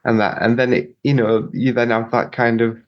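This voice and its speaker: Male podcast co-host, mid-pitched, rambling chatty delivery, muffled lo-fi mic. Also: level tone, normal speed. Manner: rambling, many restarts. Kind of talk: casual podcast chat. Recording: dull lo-fi mic.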